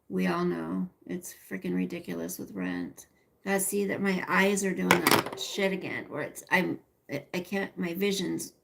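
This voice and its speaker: A woman's voice: mid-range voice, creaky, fairly bright tone. A middle-aged woman hosting a casual livestream, rambling and chatty as she talks to viewers by name and reads their comments. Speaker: livestream host.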